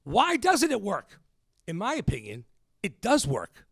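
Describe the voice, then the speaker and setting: A male podcast host telling a story in an animated way, calling listeners "folks". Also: high-pitched, unhurried, creaky, breathy edge, no echo, clean studio sound.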